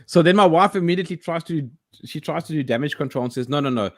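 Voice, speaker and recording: A man chatting casually, telling animated stories with many restarts and laughs. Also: on the high side, fast talker, no room sound, clean studio sound. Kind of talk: casual chat.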